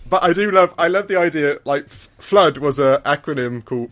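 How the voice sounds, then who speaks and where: A man's voice: on the high side, animated, moderate pace, hardly any pauses, a bit bright. Chatty man who rambles and laughs. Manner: rambling, laughs often, many restarts. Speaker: podcast co-host. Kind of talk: casual chat.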